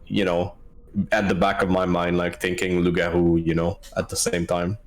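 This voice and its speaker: A man playing a tabletop game, speaking in a halting, hesitant way with many fillers. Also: low-pitched, monotone. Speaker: player. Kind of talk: casual tabletop role-play.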